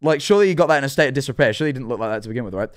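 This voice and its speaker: A man's voice: medium pitch, lively intonation, very fast. A man livestreaming his reaction to a horror series, rambling and swearing as he talks to his chat, his voice worn out. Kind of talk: casual livestream commentary.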